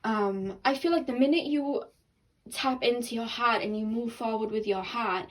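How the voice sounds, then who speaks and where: A woman's voice: fairly high pitch, moderate pace, poor audio. A young woman giving a casual, earnest tarot reading to her viewers, rambling with fillers and restarts, at times tearful. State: tearful and emotional. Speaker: tarot card reader.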